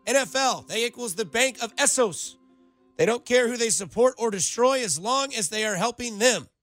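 A young man hosting a sports radio show in a studio, talking in an animated, rambling way full of playful comparisons. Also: very high voice, moderate pace, no room sound, soft background music. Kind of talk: casual sports radio banter.

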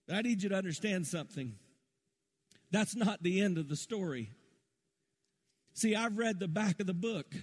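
Middle-aged man preaching a sermon, fairly high voice, long church-hall reverb, swings from rousing to hushed. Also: lively intonation, normal speed, long pauses, slightly rough. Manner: passionate preaching, swinging from soaring highs to hushed tender lows. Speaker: pastor. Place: church sanctuary.

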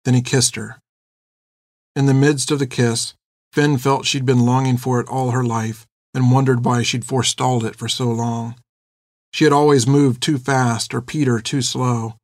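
Guy reading a storybook, steady and expressive, dry close mic. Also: mid-range voice, dry recording. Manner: measured, expressive. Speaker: audiobook narrator. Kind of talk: scripted storybook narration.

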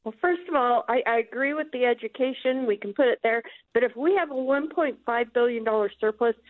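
A woman's voice: a little high, fairly quick, no echo. An older retired woman calling in to a radio show, speaking firmly and with indignation. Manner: indignant, firm. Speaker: caller. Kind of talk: caller on talk radio. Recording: phone line.

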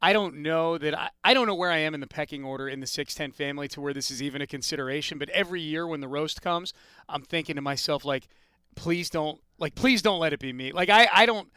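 A man hosting a casual sports talk show, chatty and opinionated, asking quick follow-up questions. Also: fairly high pitch, bright, forceful tone, clear, resonant tone, no room sound, clean studio sound.

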